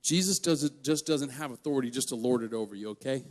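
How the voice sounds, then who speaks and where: A man in his twenties giving a storytelling sermon to young people, animated and joking, laughing mid-story. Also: mid-range voice, fast. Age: 20s. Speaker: guest youth speaker.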